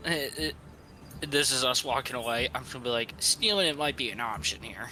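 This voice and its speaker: A man playing a tabletop game, blunt and animated as he pushes his point. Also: medium pitch, fairly quick, faint music behind, rough recording. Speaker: player. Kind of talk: casual tabletop game chat.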